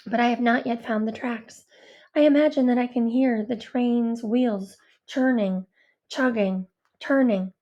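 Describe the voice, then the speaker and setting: A woman narrating a first-person audiobook with a high, light voice. Her delivery is earnest and introspective, with an anxious edge. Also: lo-fi sound.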